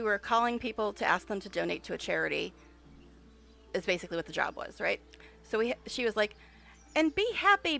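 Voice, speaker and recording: Woman streamer, bright, gravelly voice, chatty and laughing, talks to chat. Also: a little high. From United States. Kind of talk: casual chat while live-streaming a game.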